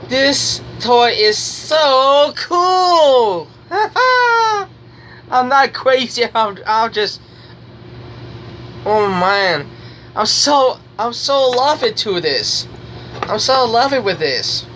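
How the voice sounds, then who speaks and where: Woman vlogger, toy review; giggly, gushing, drawn-out slow delivery, faint engine noise behind. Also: on the high side, poor audio. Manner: gushing, giggly, repeats exclamations. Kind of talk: excited toy review vlog.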